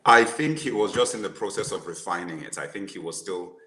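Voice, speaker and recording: A man with a lowish voice talks casually about films, animated and quick to laugh at his own jokes. He often restarts his sentences mid-thought. The room around him is roomy and echoey. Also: a little hiss or hum. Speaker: podcast co-host. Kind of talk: casual movie discussion.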